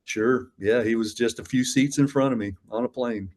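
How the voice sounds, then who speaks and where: A man's voice: mid-range voice, moderate pace, darkish tone. A man in his fifties telling stories as an interview guest, rambling with frequent fillers, restarts and a habit of saying "man.". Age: 50s. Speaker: interview guest, combat veteran. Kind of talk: casual storytelling interview.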